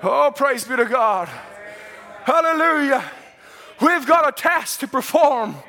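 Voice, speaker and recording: A man preaching a fervent sermon in church, shouting praise and swinging between loud and soft. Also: very high-pitched, expressive, slow, in a large hall. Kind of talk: pentecostal sermon. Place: church sanctuary.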